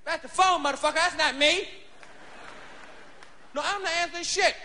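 A man's voice: very high-pitched, normal speed, sharp tone, a little hiss or hum, pitched above the performer's own voice, heavily acted. A man voicing a drunk, belligerent father ranting at home in a stand-up bit.

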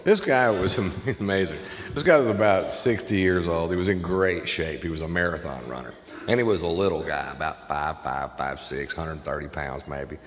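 A man doing a stand-up comedy set on stage, telling crude stories brashly and getting loud on the punchlines. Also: low voice, moderate pace. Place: stage in a large venue with a live audience. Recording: echoey hall with audience noise.

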